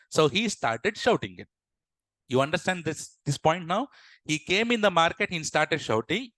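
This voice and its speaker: A man's voice: on the high side, animated, moderate pace, fairly bright tone, dry recording, poor audio. A young man teaching a live online class, asking the students questions and acting out little dialogues to explain ideas. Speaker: instructor.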